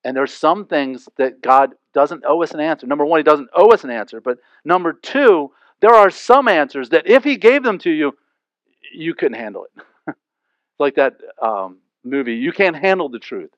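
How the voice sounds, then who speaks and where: A man preaching a sermon in a loose, chatty way that keeps checking in with his listeners. His voice sits a little high for a man. The recording sounds slightly dull and very dry. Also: lively intonation, moderate pace, no echo. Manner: conversational, with frequent asides and rhetorical questions. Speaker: pastor.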